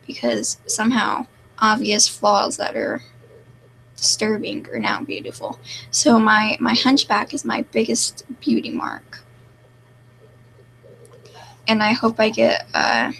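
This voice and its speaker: Deadpan young woman with a gravelly voice. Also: a little high, slight background noise, poor audio. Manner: deadpan, self-mocking, fake crying. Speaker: live streamer. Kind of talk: casual live-stream chat reading comments.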